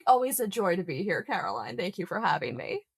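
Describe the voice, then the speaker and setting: A woman's voice: lowish voice, very animated, brisk, slightly rough, no echo, clean studio sound. Dramatic playful woman guest. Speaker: podcast guest co-host. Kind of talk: casual chat.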